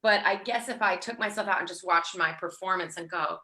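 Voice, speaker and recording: A woman's voice: lowish voice, fairly quick, hardly any pauses, sharp tone, a little hiss or hum. A woman in her thirties chatting as an interview guest, rambling with many fillers and restarts. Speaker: guest actor. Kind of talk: casual interview chat.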